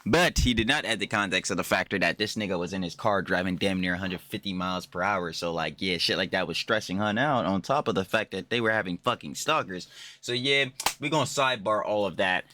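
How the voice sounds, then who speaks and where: A man's voice: low-pitched, fairly quick, sharp tone. A man hosting a reaction channel, talking back at the clips in casual, profane, rambling commentary.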